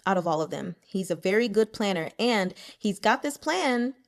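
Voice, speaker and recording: A woman's voice: mid-range voice, animated, moderate pace, creaky. A woman audiobook reader giving casual commentary on the chapters she has read, chatty and playful, laughing often and speaking directly to the characters. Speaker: web novel audiobook reader.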